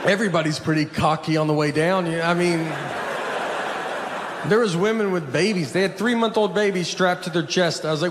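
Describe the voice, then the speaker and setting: A man from Tennessee with a Southern accent doing a stand-up comedy set, telling stories in a deadpan, low-key way, with audience laughter behind him. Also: brisk, noisy background.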